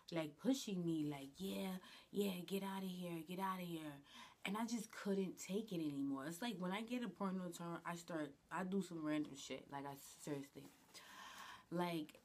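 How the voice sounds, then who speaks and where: Woman vlogging a storytime, low-ish voice, casual and blunt, cusses a lot. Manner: blunt, slangy, swears a lot, animated retelling. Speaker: vlogger telling a personal story.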